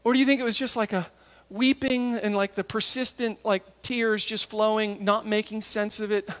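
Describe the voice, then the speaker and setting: A woman preaching a sermon in a lively, conversational way, acting out the people in the story in quick asides. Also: mid-range voice, big-room sound.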